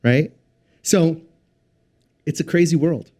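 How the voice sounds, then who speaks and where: A man's voice: on the high side, slow pace, darkish tone, husky. A man guesting on a business podcast, explaining earnestly in a conversational way with many fillers. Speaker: podcast guest, company founder. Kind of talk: casual interview chat.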